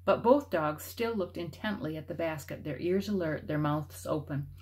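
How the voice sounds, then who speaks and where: A woman reading a children's novel aloud, expressive and varied in her delivery. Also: low voice, moderate pace. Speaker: storybook reader.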